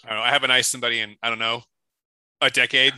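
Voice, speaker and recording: Bright, rambling man in casual chat. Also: medium pitch, smooth, no room sound, rough recording. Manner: rambling storyteller, restarts, quick animated quoting. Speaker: podcast co-host.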